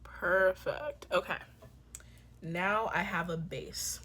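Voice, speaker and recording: A young woman chatting casually through a makeup tutorial, joking with her viewers and dropping into soft whispers now and then. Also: lowish voice, slow pace. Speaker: beauty vlogger.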